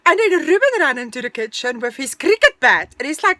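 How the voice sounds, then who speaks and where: A middle-aged woman telling a personal story in a casual, animated storytelling way. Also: high-pitched, fairly quick, hardly any pauses, no echo. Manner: animated, breathless storytelling, dramatic retelling.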